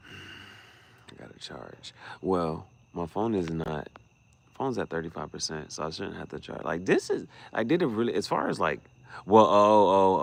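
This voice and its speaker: A man vlogging late at night, thinking out loud and trailing off into mutters and restarts. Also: low-pitched, vocal fry. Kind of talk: late-night rambling vlog.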